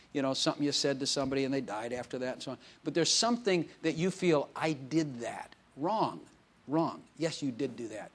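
Chatty, storytelling male preacher. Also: mid-range voice. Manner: conversational, storytelling with frequent laughs and quoted dialogue. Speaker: pastor. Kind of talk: sermon.

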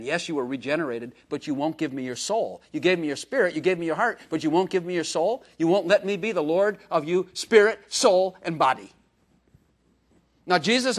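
A male pastor with a slightly raised voice preaches to his congregation, swinging from loud, stressed lines down to quiet asides. He acts out little prayers and jokes as he goes, keeping the sermon lively. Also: a little high. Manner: animated, swings between loud emphasis and hushed asides; acts out quoted prayers and plays with humor. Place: church before a congregation.

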